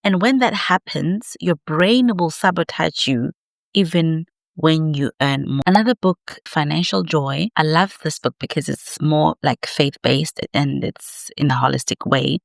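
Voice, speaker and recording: A woman's voice: low-pitched, a little slow, gravelly, no room sound, clean studio sound. A woman in her thirties talking to camera in a reflective late-night vlog, personal and emphatic. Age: 30s. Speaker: vlogger.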